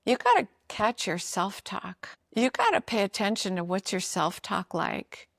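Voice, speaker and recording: Woman podcast host, earnest and encouraging, unhurried delivery, dry close sound. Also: medium pitch, sing-song, gravelly, no echo. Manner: earnest, encouraging, speaks directly to listeners. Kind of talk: motivational talk on emotions.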